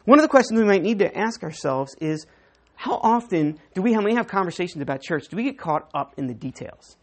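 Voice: mid-range voice, very animated, fairly quick. A preacher giving a sermon, walking through a Bible passage verse by verse and acting out the quoted dialogue, with frequent self-corrections.

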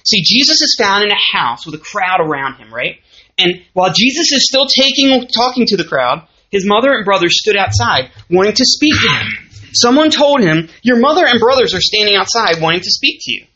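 A woman with a Southern US accent teaches a church lesson in a conversational way, checking in with her listeners as she goes. Her voice is bright and rises and falls a lot. The recording sounds dull and muffled. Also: medium pitch, a little fast. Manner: lively, conversational, asks the audience questions. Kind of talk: sermon.

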